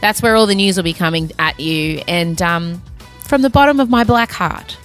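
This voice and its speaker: A woman's voice: lowish voice, normal speed, soft background music. A woman hosting a podcast, talking casually and effusively, rambling a little with self-aware asides. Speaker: podcast host. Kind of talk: casual end-of-season sign-off chat.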